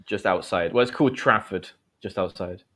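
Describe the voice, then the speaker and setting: A man's voice: deep voice, moderate pace, sharp tone. Chatty man teaching online. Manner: chatty, encouraging, reads out comments. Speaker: English teacher hosting a livestream. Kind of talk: live-stream chat and teaching.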